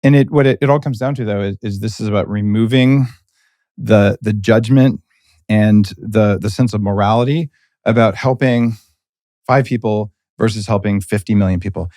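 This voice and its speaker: A man's voice: fairly low pitch, normal speed, warm tone, no room sound. A man hosting an interview in a studio, speaking bluntly and with strong opinions. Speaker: podcast host. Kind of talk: casual interview conversation.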